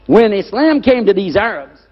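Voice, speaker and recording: A man's voice: high voice, sing-song, normal speed. A man giving a religious lecture to a live audience, firing rhetorical questions at them and repeating key words for emphasis. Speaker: lecturer on Islam. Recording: dull lo-fi recording in a reverberant hall.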